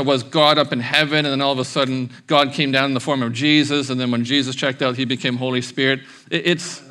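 A pastor in his forties with a fairly high, gravelly voice preaches a sermon. He is chatty and animated, acting out little quotes as he goes.

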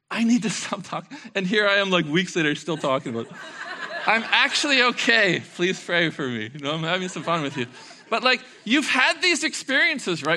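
Man, pastor, sermon, animated storytelling, bright tone, slightly high pitch. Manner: animated storytelling with acted-out voices and laughter.

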